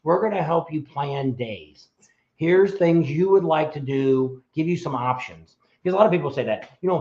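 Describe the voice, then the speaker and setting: Middle-aged man, co-host on a live stream, rambling casual talker, slightly high voice, echoey dull room sound. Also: normal speed, darkish tone. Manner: rambling, restarts often. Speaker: co-host of a motorcycle travel channel.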